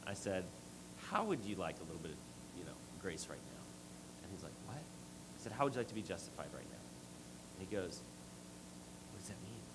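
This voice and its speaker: A man's voice: low voice, big pitch swings, normal speed, pauses often, noisy background. Man preaching in a rambling way. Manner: rambling, restarts often, storytelling. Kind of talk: sermon.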